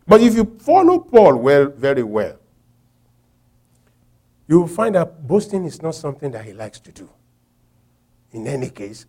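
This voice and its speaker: A Nigerian man preaching a sermon, telling a personal story with laughter and shouted quotes. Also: medium pitch.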